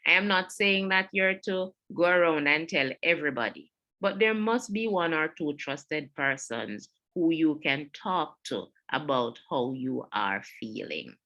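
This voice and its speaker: Jamaican woman, webinar presenter, lowish voice, bright and forceful, repeats key points. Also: dull audio. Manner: earnest, repeats key points, takes audience questions. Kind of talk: mental health webinar talk. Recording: online webinar audio.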